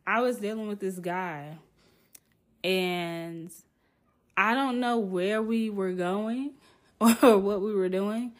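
Slow-talking young woman telling candid stories. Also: medium pitch. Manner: candid, exclaiming, swears freely. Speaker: podcast host. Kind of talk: casual storytime monologue.

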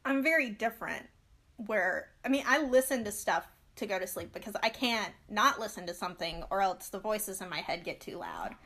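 A young woman co-hosting a podcast, chatting casually and ranting in animated bursts with quick asides. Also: medium pitch. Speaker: podcast co-host. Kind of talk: casual chat.

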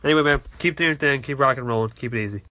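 Upbeat man hosting call-in shout-outs. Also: medium pitch, very fast. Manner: friendly, repetitive sign-offs. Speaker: podcast host reading call-ins.

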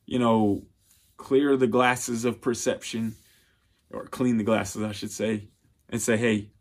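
A man's voice: medium pitch, slightly rough. Earnest male speaker, heartfelt advice-style monologue. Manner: earnest and heartfelt, many restarts and fillers. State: getting emotional. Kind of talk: personal motivational monologue.

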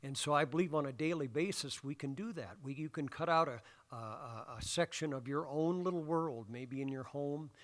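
A man's voice: fairly high pitch, moderate pace, hardly any pauses. Man preaching to his congregation. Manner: conversational, asks the congregation questions, many fillers. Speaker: pastor. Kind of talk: sermon. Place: church sanctuary.

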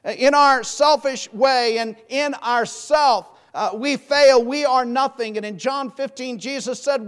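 A man's voice: very high-pitched, unhurried, hardly any pauses, clear, resonant tone. A man preaching a sermon, fervent and rising to emphatic peaks when he quotes scripture.

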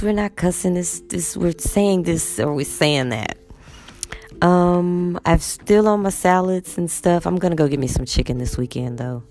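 Woman, teacher vlogger, low gravelly voice, animated chat. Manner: chatty, animated storytelling with acted quotes of students. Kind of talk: casual vlog chat.

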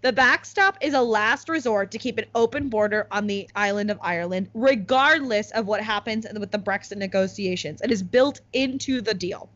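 A young woman chatting casually as a co-host, explaining news with lots of "like" and quick laughs. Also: mid-range voice, a bit bright. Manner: chatty, many "like"s, laughs at own jokes. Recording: slightly muffled lo-fi audio.

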